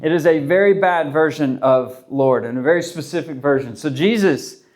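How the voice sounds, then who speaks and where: A man with a somewhat high, darkish voice delivers a sermon as a pastor, speaking at normal speed. His style is casual and chatty, and he slips into the voices of the people he quotes while telling the story.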